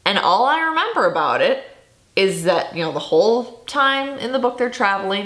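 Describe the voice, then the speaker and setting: Young woman vlogger, sarcastic rant, mid-pitched, roomy echo. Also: animated, normal speed, a bit bright. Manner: sarcastic, exasperated, laughing asides. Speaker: book vlogger. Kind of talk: casual chat. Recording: echoey room.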